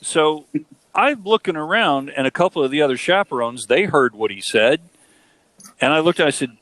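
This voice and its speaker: A middle-aged man hosting a casual chat, telling a story with animated, dramatic delivery. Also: fairly high pitch, moderate pace, no echo. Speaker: podcast host.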